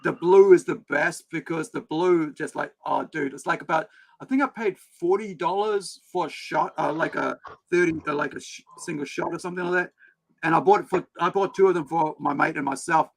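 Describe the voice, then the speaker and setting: A man's voice: fairly high pitch, fairly quick, vocal fry. A man with a New Zealand accent hosting a livestream, rambling and slangy in casual chat. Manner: rambling, slangy, laid-back. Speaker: livestream host.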